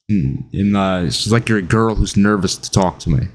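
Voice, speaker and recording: A young man giving casual self-improvement advice in an animated, jokey way, acting out quotes. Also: lowish voice, fairly quick, hardly any pauses. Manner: animated, jokey, laughs at his own stories, acts out quotes. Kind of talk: casual talking-head advice video.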